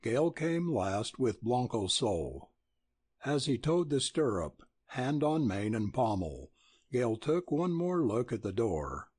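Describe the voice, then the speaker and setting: Slow, husky male audiobook narrator. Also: mid-range voice. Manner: measured, expressive storytelling. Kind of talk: scripted narration.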